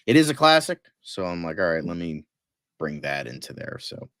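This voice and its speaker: Rambling, cussing man with a low voice. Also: sing-song, moderate pace, fairly bright tone, dry recording, studio quality. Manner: rambling, swears freely, many fillers. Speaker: podcast co-host. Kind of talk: casual movie chat.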